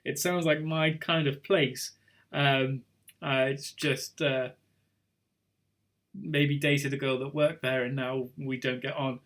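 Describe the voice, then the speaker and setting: A man's voice: medium pitch, level tone, slow pace, a bit bright. A young man hosting a live online pub quiz, chatty and rambling between questions. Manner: chatty and rambling, drifting off topic with chuckles. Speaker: quiz host.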